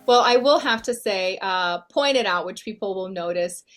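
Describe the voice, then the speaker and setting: A woman's voice: mid-range voice, lively intonation, moderate pace, a bit bright, faint music behind. Upbeat woman podcast host. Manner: upbeat and enthusiastic, with frequent affirmations. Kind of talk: podcast hosting.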